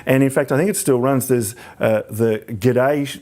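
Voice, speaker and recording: A man's voice: mid-range voice, normal speed, a little mellow. An Australian man hosting a podcast, explaining things with enthusiasm in casual talk. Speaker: podcast host.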